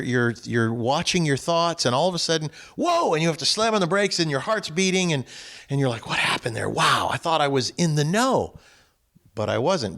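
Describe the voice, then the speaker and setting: A man's voice: mid-range voice, fairly bright tone. A man in a spiritual group discussion, making his points with vivid everyday examples. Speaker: discussion participant.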